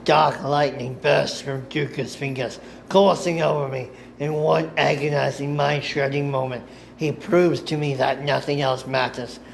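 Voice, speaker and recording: A man reads a first-person story aloud at an unhurried, deliberate pace. His voice has a gravelly edge at a middle pitch, and a faint hiss sits under the home recording. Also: fairly even intonation. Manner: slow, deliberate reading with occasional self-corrections. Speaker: amateur audiobook narrator. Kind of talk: first-person fiction reading.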